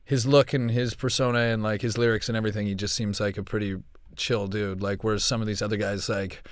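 A man's voice: fairly low pitch, flat delivery, fast talker, no room sound, clean studio sound. A man being interviewed, speaking in a laid-back, easygoing way, often hesitating and restarting. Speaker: guest. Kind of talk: casual interview chat.

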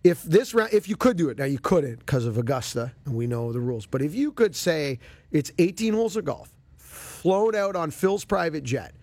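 A man hosting a golf radio show, telling a story in casual chat with lively, expressive delivery. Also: a little high, moderate pace, no echo.

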